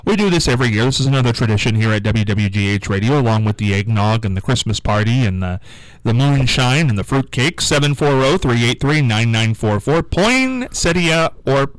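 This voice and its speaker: A man's voice: medium pitch, a little fast, dry recording, poor audio. A man hosting a holiday morning radio show in the studio, chatty and joking. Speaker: radio host. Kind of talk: casual radio talk. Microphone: studio microphone.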